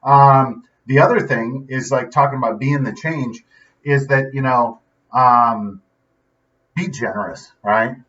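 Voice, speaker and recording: A vlog host gives a casual motivational talk, earnest and rambling, often ending sentences with "right?". He speaks slowly at medium pitch with a fairly bright tone, captured as dull audio from a distance.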